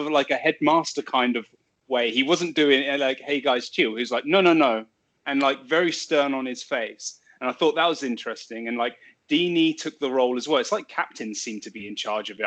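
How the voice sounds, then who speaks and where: Lively man chatting about football. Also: mid-range voice. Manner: lively storytelling, quick asides. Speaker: podcast co-host. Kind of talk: casual football podcast chat.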